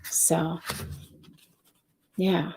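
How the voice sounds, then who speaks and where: Mellow-voiced woman giving a live reading. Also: on the low side, flat delivery, extremely slow, creaky, slight background noise. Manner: soft, meandering, speaks directly to viewers; reads out viewer questions. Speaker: intuitive reader and channeler. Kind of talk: live-stream spiritual reading.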